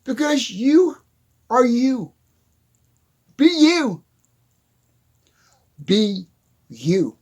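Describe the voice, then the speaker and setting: A man's voice: high-pitched, sing-song, unhurried, long pauses. Emphatic, repetitive motivational man. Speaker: motivational speaker. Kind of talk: motivational monologue.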